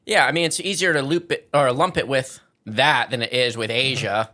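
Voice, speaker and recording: Bright-voiced, teasing male co-host. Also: mid-range voice, fairly even intonation, moderate pace. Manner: teasing, laughs often. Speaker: podcast co-host. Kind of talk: casual podcast chat.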